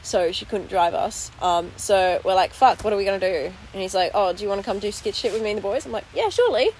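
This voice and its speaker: A young Australian woman telling a story in casual chat, sweary and animated, full of "like". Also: medium pitch, quick pace, a little hiss or hum, rough recording. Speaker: podcast co-host. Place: inside a tent.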